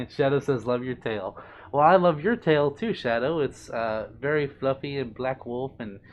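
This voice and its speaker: A man's voice: mid-range voice, measured pace, dull audio, slight background noise. A young man hosting a casual livestream, reading out viewer comments and answering them in a chatty, affectionate, playful way. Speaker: livestream host.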